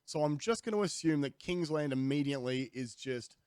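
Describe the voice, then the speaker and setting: A young Australian man ranting comically to camera as a streamer, rambling with restarts and sudden jumps in pitch. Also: lively intonation, a little fast, darkish tone, smooth, dry recording, clean studio sound. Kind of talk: comedic rant to camera.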